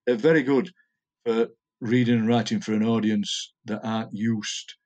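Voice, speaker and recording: A man's voice: on the low side, fairly even intonation, moderate pace, darkish tone. An older man, a poet chatting enthusiastically as an interview guest. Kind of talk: casual interview chat.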